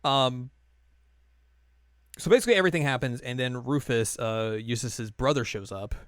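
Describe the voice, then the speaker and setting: Smooth-voiced man rambling through a recap. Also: medium pitch, normal speed, no echo, studio quality. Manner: rambling, filler-heavy recap. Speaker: podcast co-host. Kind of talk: casual chat.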